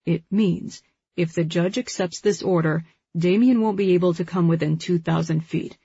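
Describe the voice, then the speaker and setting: Woman reading as a calm lawyer father. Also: lowish voice, moderate pace, vocal fry, slightly rough, no echo. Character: steady older father, a lawyer. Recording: dull lo-fi recording.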